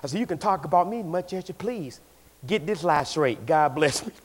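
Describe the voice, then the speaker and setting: A pastor preaching to his church in a high, animated voice. He swings from loud exclamations down to quiet, confiding asides, and his pitch leaps all over the place. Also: moderate pace, noisy background. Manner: preaching with swings between shouts and hushed asides. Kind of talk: sermon.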